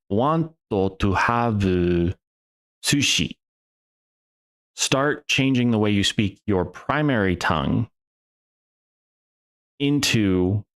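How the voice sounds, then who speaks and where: A man hosting a podcast, talking in a casual, rambling monologue full of restarts and the odd curse word. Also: sits low. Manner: rambling and profane, with restarts and trailing pauses. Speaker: podcast host.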